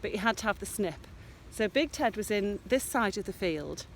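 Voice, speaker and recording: A woman films herself with a handheld camera while strolling a farm field, showing viewers her smallholding in a casual vlog full of meandering chat and affection for her animals. Her mid-range voice is animated and moves at a normal speed, over a little hiss or hum.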